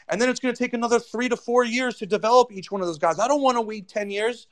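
A man's voice: extremely high pitch, quick pace, few pauses, fairly bright tone. A man on a sports show, ranting profanely and pressing each point with emphasis. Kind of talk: sports rant.

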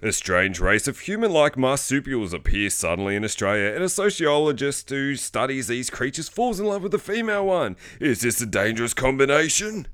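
A man's voice: medium pitch, sing-song, brisk, hardly any pauses, fairly bright tone, clean tone. A man hosting a podcast, casually reviewing a horror movie in a rambling, jokey, profane way. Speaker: podcast host.

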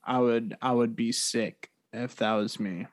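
A man's voice: mid-range voice, steady tone, unhurried. A man co-hosting a podcast, chatting casually in a laid-back, agreeable way. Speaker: podcast co-host. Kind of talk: casual chat.

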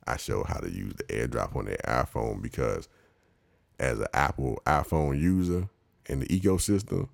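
A man casually telling a travel story in a slangy, animated way, laughing often and acting out the people he met. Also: very deep voice, moderate pace, vocal fry, dry recording. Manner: slangy, conversational.

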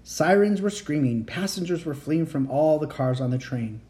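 Expressive, mellow-voiced storybook reader. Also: mid-range voice, moderate pace. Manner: expressive, with occasional slips. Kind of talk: reading a children's book aloud.

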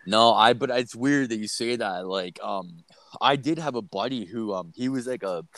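A man's voice: fairly low pitch, normal speed, a bit bright. A young man telling a story in casual, profane, rambling chat, full of fillers.

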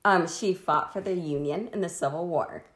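A woman's voice: lowish voice, normal speed, fairly bright tone, roomy sound. A woman co-hosting a casual podcast chat, telling a history story in a crude, joking way and laughing often, a bit tipsy from wine. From Washington state, US.

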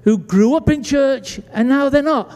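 A man's voice: extremely high pitch, a little slow. A man preaching a sermon, acting out the voices of people in his story. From Britain. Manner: animated storyteller acting out dialogue. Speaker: pastor. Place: church sanctuary. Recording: long church hall reverb.

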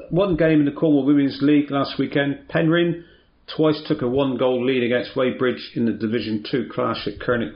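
A man hosting a casual local radio sports show, chatty and relaxed with plenty of ums and uhs. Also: mid-range voice. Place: radio studio. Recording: roomy, slightly dull radio studio sound.

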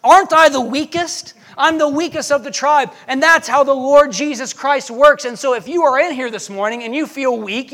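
A man's voice: very high-pitched, pushed and bright. A young man preaching a sermon in a church, impassioned and repeating phrases for emphasis. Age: young adult.

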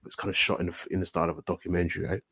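Husky, low-voiced man, rambling. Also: level tone, very fast, a bit bright, no echo. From United Kingdom. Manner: rambling, profane, slangy, with many self-corrections. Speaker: podcast guest. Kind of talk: casual storytelling.

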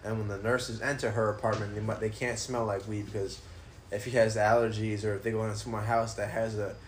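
A man's voice: fairly low pitch, flat delivery, a little fast. Male podcast host, loose rambling talker, light background hiss. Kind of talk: casual podcast chat. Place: apartment room.

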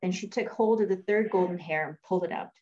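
A woman reading a fairy tale aloud in a measured storytelling manner. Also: fairly low pitch, a little mellow. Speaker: reader. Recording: dull lo-fi recording.

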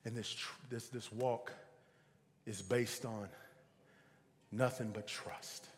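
A man's voice: medium pitch, fairly even intonation, takes it slowly. A man preaching a sermon, emphatic and repeating his key lines for weight. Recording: long hall reverb.

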